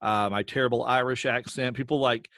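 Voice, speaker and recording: A man chatting as a guest on a podcast, telling stories in an animated, rambling, self-deprecating way. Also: medium pitch, brisk, dry recording. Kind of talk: casual interview chat.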